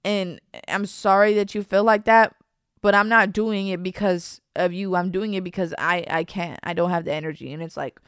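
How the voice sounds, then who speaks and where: Speaking at a normal pace with a steady tone, this young podcast host has a mid-range voice that's a bit bright, clear, and resonant. Her confessional, casual talk wanders, full of restarts, fillers, and the word "bro." The sound is dry and studio quality.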